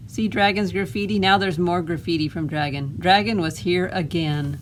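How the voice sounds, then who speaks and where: A woman librarian reading a picture book aloud to children, gently stopping to ask them questions. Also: on the low side, normal speed, a little hiss or hum, rough recording.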